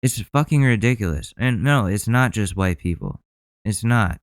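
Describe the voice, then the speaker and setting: A man's voice: lowish voice, animated, moderate pace, dry recording. A male podcast host ranting heatedly in profane commentary.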